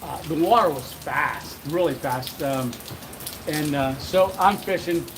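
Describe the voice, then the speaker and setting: A man's voice: a little high, unhurried. Chuckling middle-aged man, rainy outdoor stream. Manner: rambling, chuckling, many fillers. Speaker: channel host. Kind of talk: casual live-stream storytelling. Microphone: handheld camera. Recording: rain noise behind voice. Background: rain.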